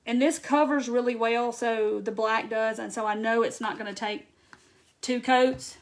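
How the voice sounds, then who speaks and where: A woman's voice: on the high side, steady tone, a little slow. A woman hosting a live craft tutorial, chatting and greeting viewers by name as she reads their comments and works.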